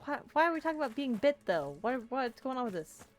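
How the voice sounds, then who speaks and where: A woman's voice: high-pitched, big pitch swings, fast, soft background music. A woman streamer giving playful gaming commentary, bubbly and jokey, chatting to the characters on screen. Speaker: let's play streamer.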